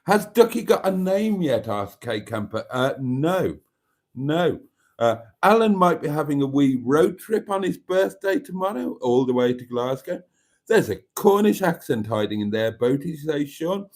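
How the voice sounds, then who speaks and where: A man's voice: a little high, sing-song, a little slow, darkish tone. A man hosting a live stream, reading out viewer comments with wry, self-mocking asides. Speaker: channel host.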